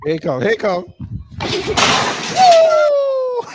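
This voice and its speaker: High, wildly swinging man laughing hard. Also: very animated, fairly bright tone. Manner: exclaiming and laughing hard between short remarks; slow drawn-out exclamations. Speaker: reaction channel host. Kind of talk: video reaction commentary.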